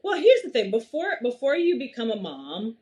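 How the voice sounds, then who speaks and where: A young adult woman chatting as a podcast guest, animated and laughing often as she talks. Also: a little high, moderate pace, dull audio. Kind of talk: casual conversation.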